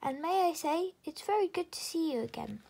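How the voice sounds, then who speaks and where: A woman's voice: extremely high pitch, expressive, brisk, gravelly, mellow, voice pushed up, heavily acted. A woman doing a polite frog footman. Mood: pleased. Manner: courteous, formal.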